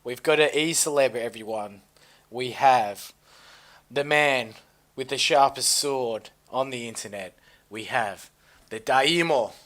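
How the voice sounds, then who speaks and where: A man's voice: medium pitch, takes it slowly, a bit bright. A man with an Australian accent hosting a casual live stream, joking crudely and playing the showman. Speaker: stream host.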